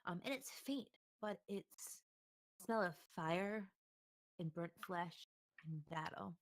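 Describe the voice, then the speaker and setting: A woman narrating a tabletop role-playing game as game master, in a lively, expressive way. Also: on the low side, slow.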